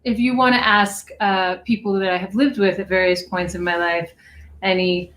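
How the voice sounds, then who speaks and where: A woman's voice: medium pitch, steady tone, moderate pace, a bit bright, a little hiss or hum, rough recording. A woman hosting her own music livestream, chatting casually and laughing between songs in a rented house with friends. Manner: chatty, laughs easily, rambling asides. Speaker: singer-songwriter livestream host.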